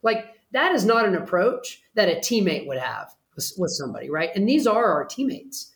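An earnest man speaks as a guest on an interview show, explaining and persuading in a relaxed, conversational way. His voice carries a noticeable room echo. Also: high voice, moderate pace, gravelly. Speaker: pet trainer guest. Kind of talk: casual interview talk.

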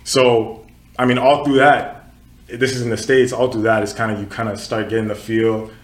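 A man's voice: medium pitch, normal speed, reverberant. A man in his twenties, born in Nigeria, hosting a casual podcast chat and telling stories with lots of filler words. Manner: relaxed storytelling with filler words. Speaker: podcast host.

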